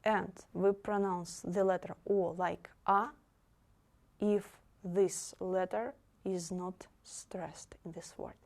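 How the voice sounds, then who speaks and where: A woman with a Russian accent teaching a language lesson, explaining carefully and repeating example words slowly. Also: lowish voice, fairly even intonation, darkish tone.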